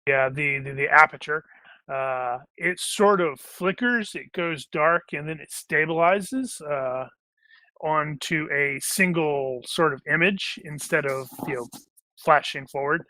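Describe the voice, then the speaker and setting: A man's voice: on the high side, a little slow, sharp tone, dry recording. A man narrating a tabletop game as game master, rambling with many fillers and restarts.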